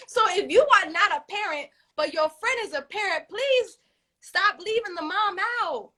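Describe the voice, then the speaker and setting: Young woman co-host, high bright voice, quick to laugh and curse. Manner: lively, laughing, profane venting. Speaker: podcast co-host. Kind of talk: casual chat.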